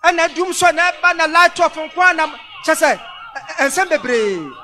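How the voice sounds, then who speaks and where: High-pitched chatty male co-host. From Ghana. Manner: lively, chatty, quick interjections. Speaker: co-host of a news review. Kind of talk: news commentary and back-and-forth banter.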